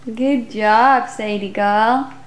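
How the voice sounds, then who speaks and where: A woman's voice: on the high side, steady tone, drawn-out words. A young woman, a mother, talking in sing-song, coaxing baby talk at home, filmed on her phone. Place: home, indoors. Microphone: phone camera. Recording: noisy home phone video.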